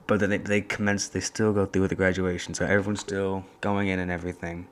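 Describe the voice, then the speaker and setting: Soft-spoken young man, deep voice. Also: fast, hardly any pauses. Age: young adult. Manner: soft, hushed, rambling storytelling. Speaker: podcast host. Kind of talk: casual solo podcast chat. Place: college dorm room.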